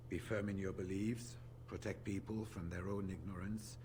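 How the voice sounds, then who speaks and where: A man's voice: fairly even intonation, a little mellow, slight background noise, lightly acted. A man playing a grave veteran warrior. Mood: earnest. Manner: measured, solemn, low and confiding. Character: weathered older male warrior veteran, grave. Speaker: game character.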